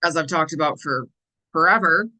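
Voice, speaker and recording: Speaking at a normal speed in a deep, pushed, bright voice, this middle-aged woman runs an astrology and tarot show. The recording quality is low. Her casual spiritual talk is chatty and repetitive, full of "you know" and "right?", and she's slightly worn out from missing sleep.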